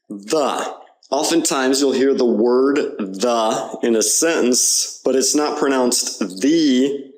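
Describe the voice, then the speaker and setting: Slow, patient male English teacher. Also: medium pitch. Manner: patient, over-enunciating for learners. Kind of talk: slow, clear pronunciation lesson.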